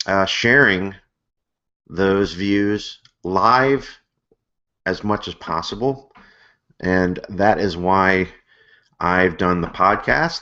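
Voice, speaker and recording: A man with a very low, deep voice hosts a live web stream from home, chatting loosely and circling back with lots of ums and uhs. The sound is muffled and lo-fi, like an older online broadcast. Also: a bit bright. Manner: rambling, hesitant, many fillers and restarts. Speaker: host of an amateur astronomy hangout. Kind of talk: casual live-stream talk.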